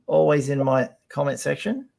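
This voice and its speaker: A man's voice: a little high, animated, normal speed, gravelly, a little mellow. A man hosting a livestream show in casual chat, with a slightly nasal voice and a chatty, joking manner. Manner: chatty, joking, acts out other people's voices.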